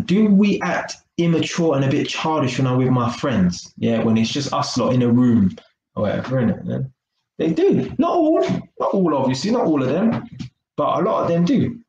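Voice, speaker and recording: A man's voice: medium pitch, echoey room, a little hiss or hum, rough recording. A man giving a casual live-stream talk to his viewers, chatty and full of tag questions. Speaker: vlogger.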